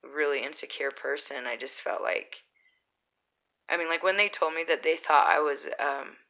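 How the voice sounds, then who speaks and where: Young woman from utah rambling through stories, low gravelly voice, bright edge. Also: moderate pace, muffled recording. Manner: chatty, rambling, lots of fillers. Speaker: vlogger. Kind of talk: casual storytelling.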